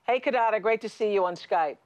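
Lively middle-aged woman host, dry sound. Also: mid-range voice, brisk, dry recording. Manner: lively and storytelling, with many restarts and laughs. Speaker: talk show host. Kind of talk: studio conversation with a guest. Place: television studio.

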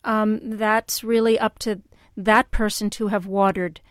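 A woman hosting a call-in radio show, speaking in a calm and reflective way and telling stories. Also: mid-range voice, measured pace, dry recording, clean studio sound.

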